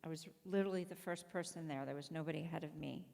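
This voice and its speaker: A woman's voice: deep voice, quick pace, gravelly, a little mellow. A woman rabbi giving a sermon as personal storytelling, conversational, acting out the voices of people she quotes. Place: synagogue sanctuary. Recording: long reverb of a large hall.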